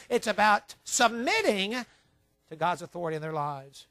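Emphatic high-voiced male preacher. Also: very animated, normal speed, a bit bright, no room sound, studio quality. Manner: emphatic, repeats key phrases. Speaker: Bible teacher on parenting. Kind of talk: sermon-style teaching.

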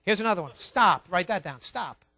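A man preaching a sermon, emphatic and repetitive, telling his listeners to write points down, swinging between quiet asides and loud stressed words. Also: sits high, animated, normal speed, dry recording. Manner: emphatic, repeats key points, tells listeners to write things down. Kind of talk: sermon on child training.

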